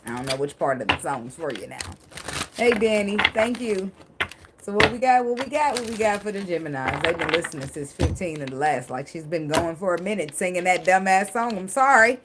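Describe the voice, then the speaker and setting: A woman's voice: lowish voice, animated, brisk, background noise. A woman doing a casual tarot reading, chatty and joking, with casual swearing. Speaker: tarot reader.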